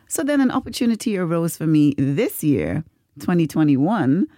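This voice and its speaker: A woman's voice: sits low, sing-song, normal speed, dark tone, no room sound, clean studio sound. A woman hosting a podcast, telling a personal story in casual chat, laughing often and acting out the voices of others. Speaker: podcast host.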